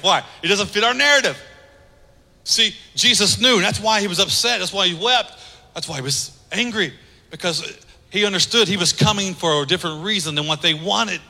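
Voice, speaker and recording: A man preaching a sermon as pastor, emphatic, swinging between loud declarations and hushed asides. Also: high-pitched. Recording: long reverb of a large hall.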